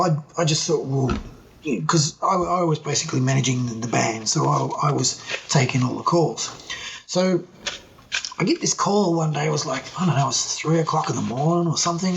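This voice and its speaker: A middle-aged Australian man, a band's singer, telling stories in a casual interview, swearing freely and animated. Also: on the high side, a little fast, vocal fry, a little hiss or hum, rough recording. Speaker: guest, band singer.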